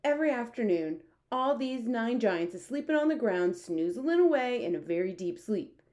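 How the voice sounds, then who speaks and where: Woman reader as storybook giant; eager, muddled, pitched up. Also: normal speed, close to an everyday voice. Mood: excited. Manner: eager, muddled speech, lively. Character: big friendly male giant, jumbled grammar.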